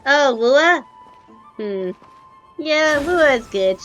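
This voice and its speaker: A woman's voice: sits high, lively intonation, drawn-out words, fairly bright tone, faint music behind, low-quality recording. A young woman streaming a game, chatting casually in a rambling, hesitant way with lots of fillers. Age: young adult.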